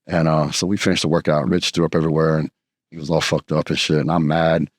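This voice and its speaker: A man's voice: a bass voice, level tone. A man, a podcast guest telling blunt, profane stories in casual chat. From Texas. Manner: blunt, profane, fast anecdotes. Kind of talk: casual storytelling.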